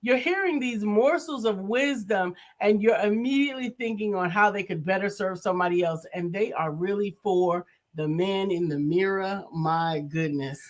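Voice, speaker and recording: A woman's voice: mid-range voice, moderate pace, few pauses. A woman co-hosting a talk show, affirming the guest and reading out viewer comments. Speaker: co-host. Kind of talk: casual chat.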